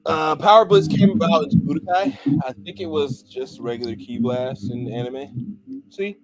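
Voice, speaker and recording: Male host, higher pitch, very lively delivery, profane casual banter, reads move lists aloud. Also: normal speed, no room sound. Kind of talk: casual chat about anime powers.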